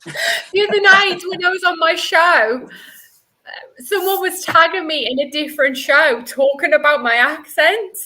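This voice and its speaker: A woman telling a story as a guest on a stream, animated and quoting herself. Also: very high-pitched, unhurried, rough recording. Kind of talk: casual storytelling.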